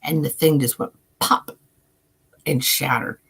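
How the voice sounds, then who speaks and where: A woman hosting a casual livestream chat, laughing often and acting out friends' lines in high squeaky voices. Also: fairly even intonation, unhurried, gravelly, fairly bright tone, husky, rough recording. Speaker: livestream host.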